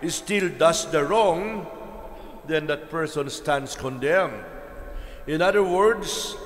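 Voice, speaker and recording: Filipino male priest, high voice, unhurried homily, church reverb. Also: a bit bright. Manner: slow, deliberate preaching with long pauses.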